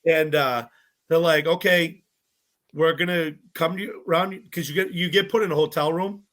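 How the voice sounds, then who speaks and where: Bubbly storytelling man, slightly high voice. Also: normal speed. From Massachusetts, US. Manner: bubbly, animated, acts out voices and swears freely. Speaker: podcast guest, former cooking show contestant. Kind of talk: casual storytelling chat.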